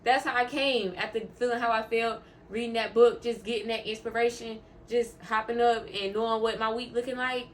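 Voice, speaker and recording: A woman's voice: a little high, fairly even intonation, brisk, hardly any pauses, a little hiss or hum. A woman vlogger talking casually about faith, heartfelt and openly emotional, rambling and repeating words for emphasis. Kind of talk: casual faith vlog talk.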